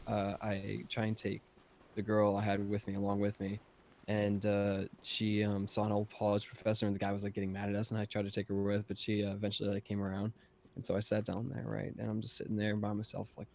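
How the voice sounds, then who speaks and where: Low gravelly man telling a story. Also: monotone, fast talker, darkish tone. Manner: profane, rambling, laid-back. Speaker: podcast host. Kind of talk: casual storytelling.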